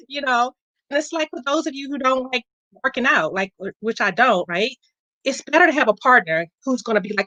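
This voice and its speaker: A woman guest shares a lively testimonial in a high, bright, tense voice, laughing and repeating herself as she goes. The sound is dry and close to the mic. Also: brisk, no room sound, poor audio. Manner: animated, laughing, repeats words. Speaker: coaching client guest. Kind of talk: casual testimonial chat.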